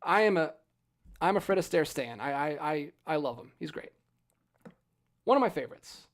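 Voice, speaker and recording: A man in his thirties hosting a casual live stream, animated and ranting with jokey asides while reading out chat. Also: fairly high pitch, moderate pace. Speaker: livestream host.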